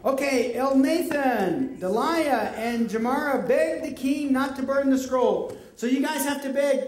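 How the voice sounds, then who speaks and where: A woman's voice: high voice, normal speed, few pauses. A woman teaching in a church children's ministry, directing children through a Bible story skit and acting out lines for them. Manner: animated, coaching, acts out the lines for the children. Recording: echoey room, mic far off, noisy.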